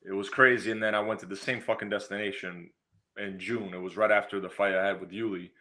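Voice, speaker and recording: A man's voice: lowish voice, steady tone, fast talker, bright, forceful tone. A man being interviewed as a guest fighter, talking bluntly and rambling with lots of swearing. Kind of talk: casual interview chat.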